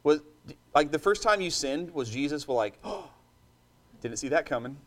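High-voiced man preaching a passionate sermon. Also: lively intonation, moderate pace. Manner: impassioned, emphatic preaching with call-and-response asides.

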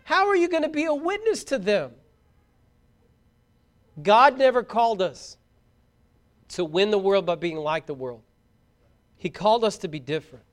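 A fervent high-pitched male preacher. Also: big pitch swings, moderate pace, pauses often. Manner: fervent, shouting out exhortations. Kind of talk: sermon.

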